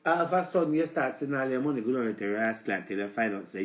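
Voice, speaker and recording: A man's voice: mid-range voice, expressive, fast talker, roomy sound. A man with a Jamaican accent hosting a live stream, rambling in a preachy, comic rant aimed at his female viewers. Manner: preachy, repeats "let me tell you", addresses the ladies.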